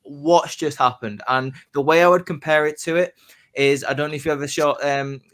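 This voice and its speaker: A man on a casual podcast, telling his predicted wrestling storyline like excited play-by-play. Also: on the high side, brisk, smooth. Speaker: podcast host.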